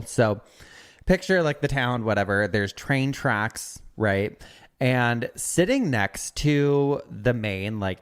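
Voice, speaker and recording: A man's voice: on the low side, clear, resonant tone. A man co-hosting a podcast, telling a history story in a campy, profane, chatty way. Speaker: podcast co-host. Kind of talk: casual chat.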